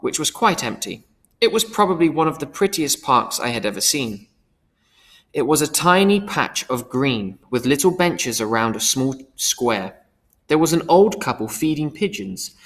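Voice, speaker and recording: An earnest man narrates an audiobook in the first person. His pitch is animated and expressive. A long hall reverb hangs after each phrase. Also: normal speed. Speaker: audiobook reader.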